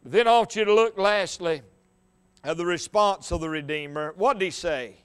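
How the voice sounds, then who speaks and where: A high, ringing male voice drives a revival sermon with fervor. He climbs into shouts at his peaks and falls back into a steady storytelling voice. His tone stays smooth and resonant throughout. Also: moderate pace. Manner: impassioned, rising to shouts, quotes old scripture. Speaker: evangelist.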